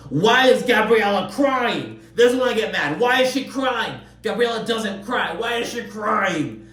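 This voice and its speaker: A man's voice: high-pitched, animated, a little slow, a bit bright, pitched above the performer's own voice. A man putting on the voice of an indignant young woman who keeps repeating herself in exasperation. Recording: roomy echo, distant mic, faint hum.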